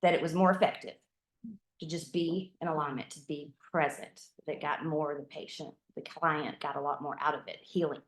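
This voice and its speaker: A woman's voice: sits low, fairly even intonation, a little fast. A woman yoga trainee sharing her thoughts in a group, searching for words and restarting often. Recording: echoey room.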